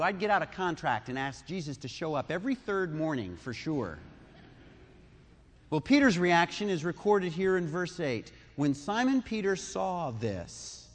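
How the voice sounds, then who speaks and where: A man's voice: fairly high pitch, long reverb tail. A man preaching a sermon, retelling a story conversationally with asides and questions to the listeners. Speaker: pastor.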